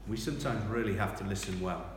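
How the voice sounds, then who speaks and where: A man preaching a sermon, reading scripture aloud with loud dramatic emphasis and then dropping to quiet reflection. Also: on the low side, quick pace, slight background noise. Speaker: pastor. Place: large church hall. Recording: echoey hall from far off.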